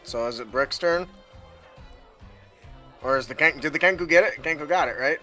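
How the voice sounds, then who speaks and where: An excitable man with a high, bright voice plays a tabletop game, laughing easily and jumping in with questions. Faint music sits behind him. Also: moderate pace. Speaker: player. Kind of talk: playing a tabletop game over voice chat.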